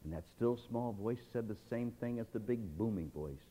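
A male pastor preaching a sermon, swinging between hushed and loud, dramatic delivery. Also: on the low side, lively intonation, normal speed, in a large hall, slight background noise.

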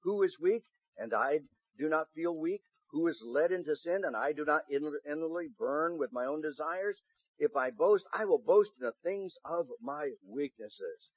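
Man, preacher, husky slightly high voice, reads scripture slowly, builds to loud emphatic preaching, dry muffled recording. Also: expressive, no room sound. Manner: directs the congregation to repeat phrases. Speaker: pastor. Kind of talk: sermon.

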